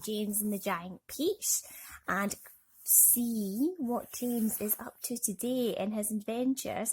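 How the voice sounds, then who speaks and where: A woman's voice: mid-range voice, takes it slowly, a little mellow, husky. A woman reading a bedtime story, greeting young listeners in a cheery, sing-song way. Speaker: children's storyteller.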